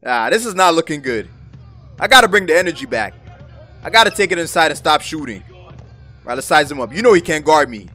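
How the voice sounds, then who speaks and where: A young man giving excited, trash-talking commentary over his own basketball video game play. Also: on the high side, fairly quick, long pauses. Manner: hyped, exclaiming, trash-talking. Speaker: gaming YouTuber. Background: background music.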